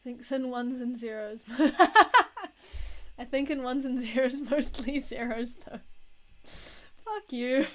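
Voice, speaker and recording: A woman's voice: a little high, fairly even intonation, moderate pace, hardly any pauses, a little mellow, rough recording. A woman casually chatting and joking at her own expense while she draws on a live stream. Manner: self-mocking, joking, laughs often.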